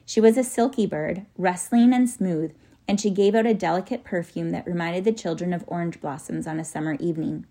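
Gravelly low-voiced woman narrator. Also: brisk, dark tone. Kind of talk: audiobook storytelling.

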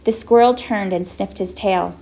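A woman narrating a children's storybook in a gentle, wry way. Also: mid-range voice, moderate pace. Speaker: audiobook narrator.

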